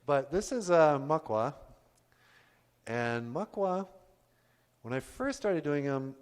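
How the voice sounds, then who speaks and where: A man with a lively, bouncing voice chats and rambles as he introduces his puppets. The sound comes from a stage in an arts venue, carried in a long hall reverb. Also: on the high side, takes it slowly, pauses often, clean tone. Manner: chatty, rambling. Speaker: puppeteer and comedian.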